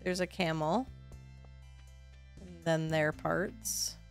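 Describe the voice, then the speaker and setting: A woman's voice: sits low, steady tone, drawn-out words, soft background music. A young adult woman streaming a farming game, chatting sarcastically with her chat and swearing now and then. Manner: chatty, sarcastic, swears, yelps when panicked. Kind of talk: casual let's-play commentary to chat.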